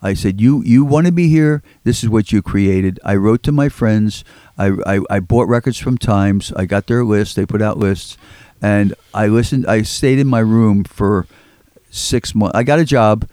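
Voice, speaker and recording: Here the Philadelphia record collector, an older man, talks at a moderate pace in a voice on the low side with a darkish tone. As an interview guest he wanders through stories, repeating words and performing quotes. There's no room sound on the studio microphone.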